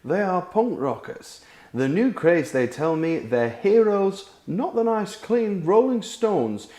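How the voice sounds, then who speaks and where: A man plays a condescending older TV presenter with a slight northern English accent, drawling and sardonic. The voice sits fairly high and swings widely in pitch as it talks down to its guests. It sounds like a roomy space. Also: sing-song, takes it slowly, a little mellow, exaggerated voice. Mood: patronising. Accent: slightly northern English, put on. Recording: roomy echo.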